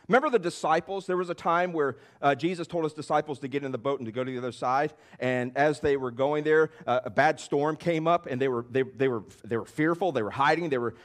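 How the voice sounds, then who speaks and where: A man preaching a sermon as pastor, emphatic and repetitive, with bursts that rise in force. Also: a little high.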